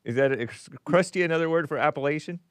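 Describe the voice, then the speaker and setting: Smooth-voiced middle-aged man hosting a talk show. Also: mid-range voice, lively intonation, moderate pace, dry recording. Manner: chatty and curious, asking lots of questions. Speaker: host. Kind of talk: casual call-in chat.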